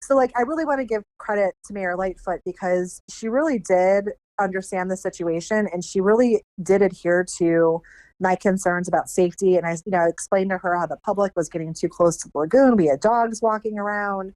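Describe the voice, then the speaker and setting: Animated woman guest telling a story. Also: medium pitch, a little fast, no room sound. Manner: animated storyteller acting out quoted people. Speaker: podcast guest, former animal control director. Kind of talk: storytelling in a casual interview.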